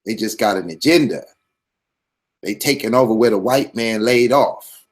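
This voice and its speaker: Male host, deeper side, streetwise and swaggering, lays it out bluntly like a sermon. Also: normal speed. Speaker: commentary channel host. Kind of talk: profane streetwise commentary monologue.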